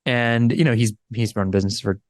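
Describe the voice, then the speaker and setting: A man's voice: mid-range voice, brisk, dry recording, studio quality. A middle-aged man, a podcast guest, telling a story in a casual interview and acting out the voices of the people in it. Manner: animated storyteller, acts out quotes.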